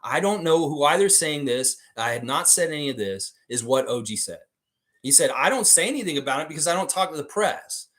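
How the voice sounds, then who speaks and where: A man's voice: on the high side, animated, fairly quick, fairly bright tone. A man hosting a casual livestream, talking bluntly and with swearing as he argues with his chat. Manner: blunt, profane, argumentative, addresses chat. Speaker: livestream host.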